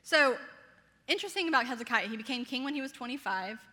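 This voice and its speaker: Southern woman preacher, 30s, highish bright voice, quick and playful, echoey hall. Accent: Southern American. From American South. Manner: energetic and playful, laughs often, speaks fast. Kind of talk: sermon.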